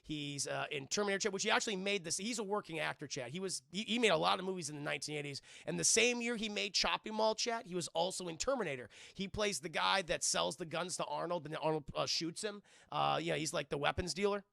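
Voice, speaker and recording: High-voiced, gravelly streamer ranting about a film. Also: male voice, fast talker, few pauses, pushed and bright, dry recording, clean studio sound. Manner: rambling, profane, constantly addressing chat. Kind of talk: casual livestream film review.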